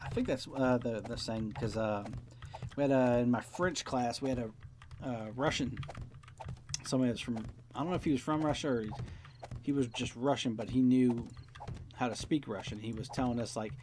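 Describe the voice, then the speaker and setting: A man's voice: mid-range voice, normal speed, a little mellow, slight background noise. Young male let's-player, loose rambling chat, heavy swearing, faint key clicks behind. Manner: rambling, swears often, acts out quoted dialogue. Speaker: let's play host. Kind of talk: casual rambling commentary while playing.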